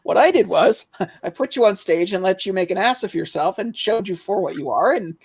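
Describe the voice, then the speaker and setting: A man co-hosting a livestream chat, telling stories with lively quoted exchanges and frequent repeated words as he starts sentences. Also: high voice, a little fast, vocal fry, husky. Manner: storytelling, animated quoting of callers. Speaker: livestream co-host. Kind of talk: casual chat.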